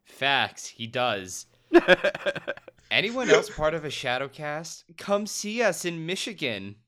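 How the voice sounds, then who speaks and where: A man, a streamer guest, teasing the others with drawn-out mock outrage and easy laughter. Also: on the high side, big pitch swings, a bit bright. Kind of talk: casual chat.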